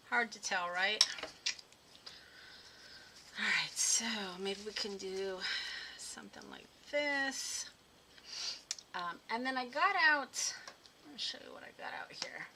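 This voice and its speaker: A woman's voice: medium pitch, a little slow, long pauses, very noisy. A woman hosting a card-making tutorial, chatting and thinking aloud as she works and answers viewers. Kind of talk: live craft demo chat.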